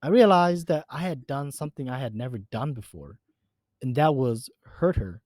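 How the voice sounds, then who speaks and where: A man's voice: medium pitch, lively intonation, moderate pace, darkish tone, dry recording. Male horror-story narrator, earnest and emphatic, dry close recording.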